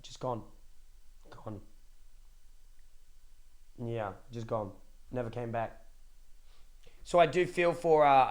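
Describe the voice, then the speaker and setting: A young man, a streamer casually telling a family story to his live chat, emphatic and repetitive, swearing freely. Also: mid-range voice. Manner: animated, emphatic repetitions and dramatic pauses.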